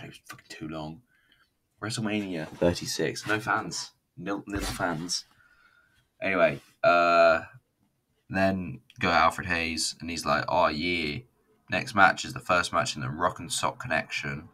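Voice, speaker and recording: A man's voice: sits low, sharp tone, a little hiss or hum. A man giving a casual, rambling, profane and self-mocking review of a wrestling show. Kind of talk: casual solo review commentary.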